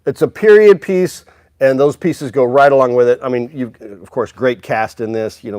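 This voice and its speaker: A man's voice: medium pitch, moderate pace, a little mellow, no room sound. A man hosting a casual music store livestream, upbeat and chatty, greeting viewers by name.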